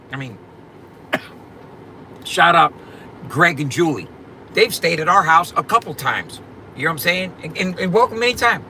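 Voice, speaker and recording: A man's voice: a little high, animated, unhurried, long pauses, pushed and bright, slight background noise, low-quality recording. A man hosting a casual livestream, joking and bragging to his chat in a loose, profane drawl, often repeating "you know what I'm saying". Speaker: livestream host.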